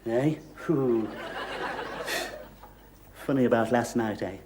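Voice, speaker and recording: An actor playing a nosy, suspicious middle-aged landlord in a studio sitcom, blustering and stammering out sly insinuations. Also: male voice, mid-range voice, slow, close to an everyday voice. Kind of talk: 1970s studio sitcom acting. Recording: hissy old TV recording.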